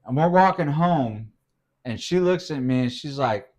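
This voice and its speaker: A middle-aged man chatting casually as host of a live stream, telling a story with lots of swearing and acted-out quotes. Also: moderate pace. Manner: animated, swearing, acts out quotes with big pitch jumps.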